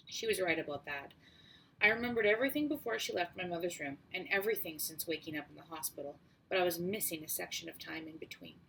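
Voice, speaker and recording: Audiobook narrator: woman, lowish voice, steady and measured, faint hiss. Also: gravelly, rough recording. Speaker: audiobook reader. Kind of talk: first-person audiobook narration.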